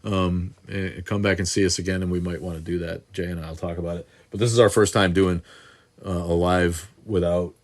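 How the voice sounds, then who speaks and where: A man's voice: sits low, fairly even intonation, moderate pace. A man hosting a casual livestream Q&A from an indoor room on a phone camera, rambling and joking crudely. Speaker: livestream host answering viewer questions. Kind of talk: casual live chat. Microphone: phone camera in selfie mode.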